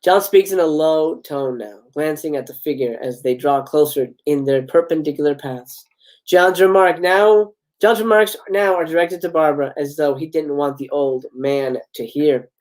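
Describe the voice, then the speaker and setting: A man's voice: on the high side, moderate pace, a little mellow, poor audio. A man hosting a live stream, reading screenplay stage directions aloud with chuckling asides and occasional stumbles. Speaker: host reading film scripts. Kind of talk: live script read-aloud.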